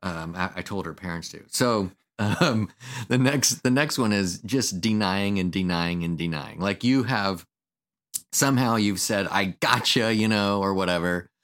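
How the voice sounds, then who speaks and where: A man's voice: deep voice, unhurried. A man, a therapist, hosting a casual podcast chat about relationships. He laughs often and acts out quoted lines.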